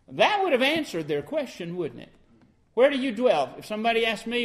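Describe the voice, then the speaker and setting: A man's voice: high voice, sing-song, a little fast. A man, preaching as pastor and explaining scripture line by line in an earnest, plainspoken way. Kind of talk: sermon.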